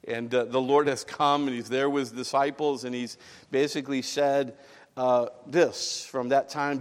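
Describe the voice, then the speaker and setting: Male pastor, sermon, loud emphatic peaks and hushed drops, mid-pitched, long church reverb. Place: church sanctuary.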